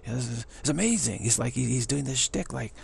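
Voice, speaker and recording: A man giving rambling spiritual commentary, chuckling and halting with many restarts. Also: medium pitch, expressive, creaky, a little mellow, a little hiss or hum.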